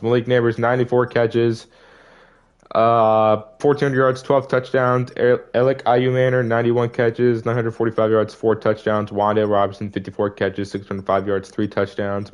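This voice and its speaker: A man's voice: lowish voice, clean tone. A young man giving casual gameplay commentary, frustrated and disappointed as he rambles through season stats. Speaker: gaming video creator.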